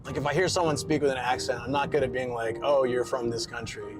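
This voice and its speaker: A man's voice: mid-range voice, steady tone, fast talker. Scottish male streamer, casual and rambling, laughs often, faint music underneath. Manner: rambling, filler-heavy, laughs easily. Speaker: live-streamer. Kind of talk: casual live-stream chat while driving.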